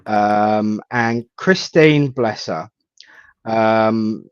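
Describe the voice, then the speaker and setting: A man, a reverend hosting a casual live chat, rambling warmly and greeting viewers by name. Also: lowish voice, drawn-out words, smooth, no echo. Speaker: host, reverend. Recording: dull lo-fi sound.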